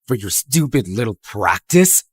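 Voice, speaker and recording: A woman voicing a scornful teenage boy who scolds with contempt in an animated story. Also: a bass voice, unhurried, breathy edge, pitched below the performer's own voice, heavily acted.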